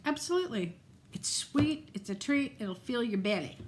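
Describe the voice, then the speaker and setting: A middle-aged woman chatting casually in a home vlog, animated and quick to laugh. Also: on the high side, background noise. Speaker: vlogger. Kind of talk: casual chat.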